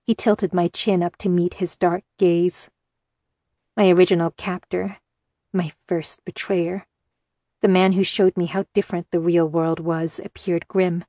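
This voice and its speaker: Low mellow woman narrating a novel. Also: level tone, measured pace, no echo, studio quality. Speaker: audiobook narrator. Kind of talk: first-person fiction narration.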